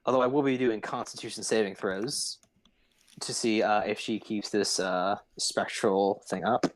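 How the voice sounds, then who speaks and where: A man narrates a tabletop game as game master, pausing often on fillers while he adds up dice. His delivery is slow and unhurried. The sound is dry and close to the mic. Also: lowish voice, fairly even intonation, dry recording, poor audio. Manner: halting, many fillers, tallies dice aloud.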